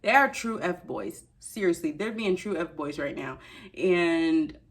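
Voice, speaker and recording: A woman rants in a casual vlog. Her voice sits a little low, and she talks straight to her viewers with slangy, exasperated asides. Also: animated, slow pace. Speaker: beauty shopping vlogger.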